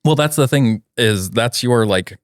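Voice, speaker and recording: A man's voice: mid-range voice, animated, a little slow, no room sound, clean studio sound. A young man co-hosting a podcast, complaining in an exasperated way in casual chat, with lots of filler words. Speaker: podcast co-host.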